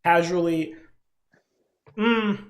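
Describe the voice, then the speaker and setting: A man playing a tabletop role-playing game, chatty and excitable, who reads rules aloud quickly. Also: high-pitched. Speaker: player. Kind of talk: tabletop game play over voice chat.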